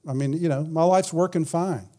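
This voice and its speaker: A man's voice: a little high, moderate pace, mellow. A man preaching a sermon in a conversational way, often repeating words and saying "man". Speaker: pastor.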